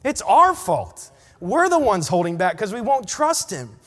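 Animated young preacher in a reverberant hall. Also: male voice, high voice, a little slow. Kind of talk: sermon. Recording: long reverb of a large hall.

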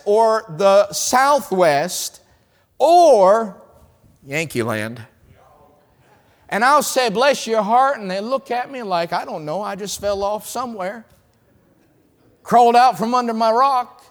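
A Southern-accented male evangelist preaching in a high, lively voice that rises and falls across a wide range. He tells stories in his sermon and swings between loud lines and hushed ones. His voice carries a long hall reverb. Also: slow. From North Carolina, USA.

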